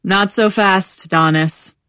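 A woman reading the lines of a calm, kind male doctor in an audiobook, speaking in a soothing, gentle way. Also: medium pitch, slow, clear, resonant tone, no room sound.

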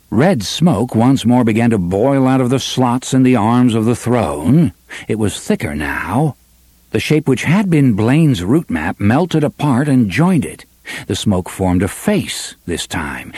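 A man narrates a novel with expressive, dramatic storytelling, speeding up and slowing down for effect. His voice is husky and mid-pitched with a lively melodic range. The recording is dry and close. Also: no room sound. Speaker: audiobook narrator. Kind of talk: scripted narration.

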